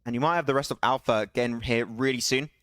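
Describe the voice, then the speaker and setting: A young man casting an online shooter match alone, excitable, his voice jumping up on big plays and laughing at himself between calls. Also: medium pitch, fast talker, dry recording. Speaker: esports caster streaming solo. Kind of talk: live game commentary with chat asides.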